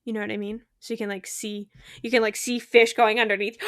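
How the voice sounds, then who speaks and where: A young woman chatting casually while streaming a game, bubbly, giggly and easily excited, talking to friends in the game. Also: mid-range voice, fast, dry recording, studio quality. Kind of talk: casual gaming stream chat.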